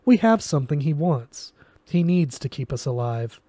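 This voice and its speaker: A man voicing a calm, calculating male alien businessman who speaks in a measured way. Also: a little high, dry recording. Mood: sly. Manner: measured and composed. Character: calm, cunning male alien arms dealer.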